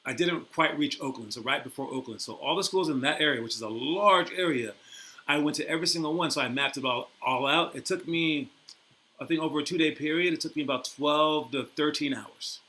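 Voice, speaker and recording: A man's voice: a little high, brisk, sharp tone. A young adult man hosting a basketball show, rambling and motivational, teasing his guest and laughing easily. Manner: rambling, repeats "all right?" often. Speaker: basketball program host and coach. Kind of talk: casual motivational talk and interview.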